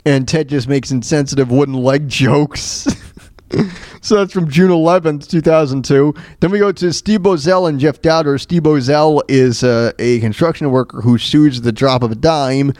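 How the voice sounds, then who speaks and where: A man's voice: a little high, normal speed, darkish tone, no echo. A man hosting a radio show, casually recapping old comedy bits in a rambling way, with many fillers and chuckles.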